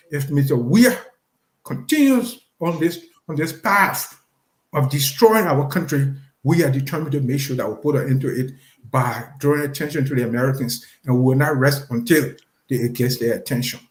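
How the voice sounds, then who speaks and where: Emphatic high-voiced man in an echoey room. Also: a little mellow. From Liberia. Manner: emphatic, repetitive, rising in intensity. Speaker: interview guest, former official. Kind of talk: impassioned closing statement.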